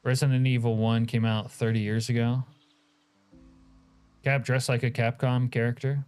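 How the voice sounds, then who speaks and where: A male game streamer talks in a loose, joking way, rambling from one aside to the next as he answers his chat. His voice sits at an ordinary middle pitch, and soft music plays faintly in the background. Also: flat delivery, moderate pace, smooth. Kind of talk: casual live-stream chat.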